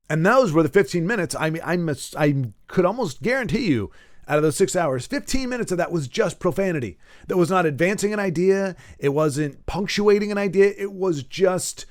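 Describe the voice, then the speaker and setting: A man's voice: fairly high pitch, dry recording, clean studio sound. A man talking alone on a podcast, rambling and emphatic, with frequent restarts and self-corrections. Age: adult who grew up with Nintendo. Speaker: podcast host. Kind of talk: solo podcast monologue.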